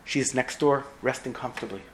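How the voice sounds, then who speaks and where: A man voicing a calm female nurse who speaks in a hushed, soothing way. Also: mid-range voice, quick pace, slight background noise, close to an everyday voice.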